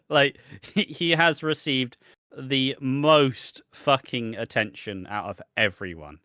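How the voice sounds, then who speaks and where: A man talks wrestling with a podcast co-host in loose, profane, laughing chat. His voice is bright and forceful, recorded dry and close with no room sound. He rambles from point to point. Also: medium pitch, slow pace, no room sound. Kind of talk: casual wrestling review chat.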